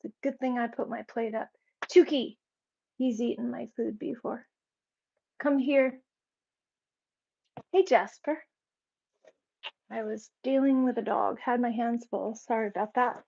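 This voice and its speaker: A woman with a slightly high voice talks slowly in a casual home vlog, firmly ordering her dogs around. The sound is dull and lo-fi, picked up by a camera in the room. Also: fairly even intonation, vocal fry, dark tone. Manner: firm, repeated commands to her dogs. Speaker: vlogger. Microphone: camera set up in the room.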